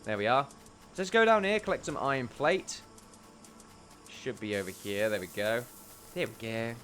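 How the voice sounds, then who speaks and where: A man's voice: medium pitch, lively intonation, moderate pace, fairly bright tone, soft background music. A man giving chatty, rambling let's play commentary at a desk mic, tossing in jokey asides. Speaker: gameplay commentator.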